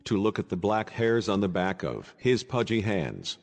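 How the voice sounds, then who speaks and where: A man narrating a literary audiobook in a measured, ironic manner. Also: lowish voice, sing-song, gravelly, in a large hall, faint music behind.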